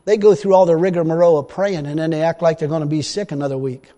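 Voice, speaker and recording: A middle-aged man preaching a sermon in a folksy, emphatic way that rises to loud declarations. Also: a little high, fairly even intonation, quick pace. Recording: long hall reverb.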